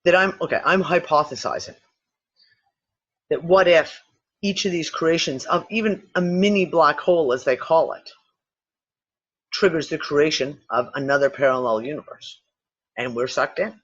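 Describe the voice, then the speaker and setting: A man with a notably high voice talks through a speculative theory in a loose, meandering way, restarting sentences and swearing offhandedly. The sound is dull and lo-fi, with the top end muffled. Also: moderate pace, pauses often, fairly bright tone, slightly rough. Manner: rambling, swears casually, thinks aloud with restarts. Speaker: podcast host. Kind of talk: casual speculative talk. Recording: dull lo-fi recording.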